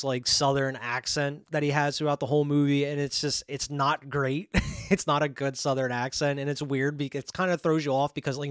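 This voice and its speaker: A man's voice: fairly high pitch, dry recording. Rambling male movie reviewer, dry sound. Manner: rambling, heavy on "you know" and "like". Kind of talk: casual spoken film review.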